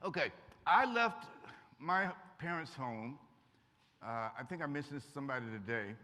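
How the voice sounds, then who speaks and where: A man's voice: mid-range voice, lively intonation, moderate pace. An older man from Kentucky telling stories to a college audience in a folksy, humorous way, now and then acting out what people said. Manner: folksy, warm humor, acts out quotes. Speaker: guest speaker. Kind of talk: lively storytelling talk to students. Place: college auditorium. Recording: echoey hall.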